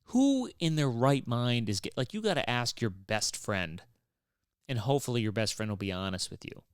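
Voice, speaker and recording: A man's voice: medium pitch, expressive, normal speed, clean tone, no echo, studio quality. A man hosting a podcast, rambling in a loose, wry and profane way, with lots of fillers and restarts. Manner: wry and exasperated. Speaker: podcast host. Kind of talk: casual rambling monologue.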